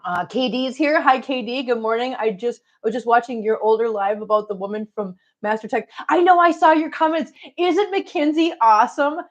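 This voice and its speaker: Middle-aged woman, casual livestream host at home; chatty, friendly greetings, slightly high pitch. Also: brisk, hardly any pauses, lo-fi sound. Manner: chatty, greets viewers warmly by name. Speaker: cat channel host.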